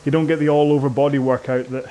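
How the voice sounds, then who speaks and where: A man's voice: mid-range voice, flat delivery, fast talker, dark tone, a little hiss or hum. A British man coaching a rowing workout, talking casually and rambling in a self-mocking way. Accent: British English. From Britain. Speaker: rowing instructor. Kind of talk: casual talk over a row-along workout.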